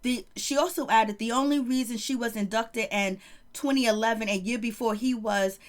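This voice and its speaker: A woman's voice: a little high, normal speed. Sassy, chatty woman gossip host. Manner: chatty, sassy, says "baby" often. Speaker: commentary vlogger. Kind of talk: casual celebrity gossip commentary.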